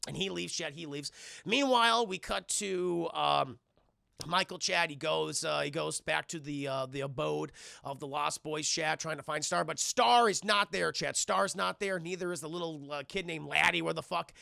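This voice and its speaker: A man's voice: on the high side, moderate pace, creaky, dry recording, clean studio sound. A man casually recapping a film scene by scene for his live chat, swearing often and acting out the characters. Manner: animated, swears a lot, acts out scenes. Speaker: streamer reviewing a film.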